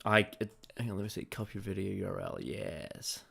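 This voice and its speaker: A man's voice: low voice, a little fast, gravelly, pushed and bright, breathy edge. Giggly, stumbling male podcast host. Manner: laughs often, trips over words. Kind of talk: casual podcast chat.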